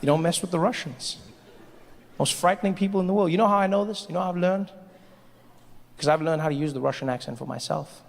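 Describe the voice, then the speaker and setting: A man's voice: on the high side, fast talker, vocal fry, pauses often. A man performing a stand-up comedy set on a large stage, telling stories animatedly and jumping into character voices. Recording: stage mic with long hall reverb, faint hiss.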